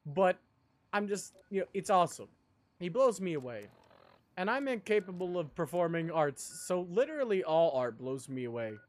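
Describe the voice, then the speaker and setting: A man's voice: high-pitched, big pitch swings, moderate pace. A man streaming a game live, rambling casually and talking with his chat in a self-deprecating way.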